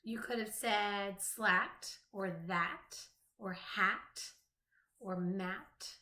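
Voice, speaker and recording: Slow, bright-voiced woman teaching phonics. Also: mid-range voice. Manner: slow, clearly sounding out letters and words. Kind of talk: phonics lesson for young children. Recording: echoey room.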